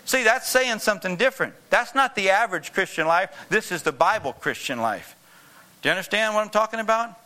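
A man's voice: high voice, animated, a little fast, sharp tone. A man preaching a sermon with emphatic repetition, often asking the congregation to answer back.

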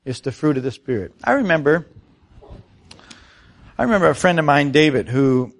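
A man's voice: fairly high pitch, very animated, normal speed. A middle-aged man preaching a sermon, telling stories and asking the congregation rhetorical questions. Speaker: pastor.

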